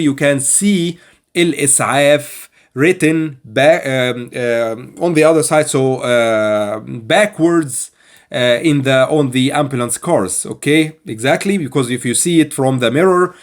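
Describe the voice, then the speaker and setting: A man with an Egyptian accent teaching spoken phrases, repeating each one slowly and patiently. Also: medium pitch. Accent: Egyptian Arabic. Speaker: Arabic language teacher. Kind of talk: language lesson.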